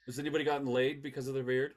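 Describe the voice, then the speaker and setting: A man hosting a podcast in a casual group chat, playful and quick to laugh, putting questions to the group. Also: mid-range voice, flat delivery. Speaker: podcast host.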